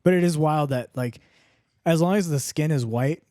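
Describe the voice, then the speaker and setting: A man co-hosting a podcast in a jokey, animated way, laughing often. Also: fairly high pitch, normal speed, dry recording, studio quality. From Mexican heritage. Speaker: podcast co-host. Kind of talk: casual podcast banter.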